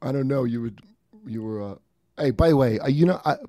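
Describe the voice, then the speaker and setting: Gravelly, halting male co-host. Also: medium pitch, warm tone, dry recording. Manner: mumbling, hesitant, halting apologies. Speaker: comedy show co-host. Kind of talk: casual comedic banter.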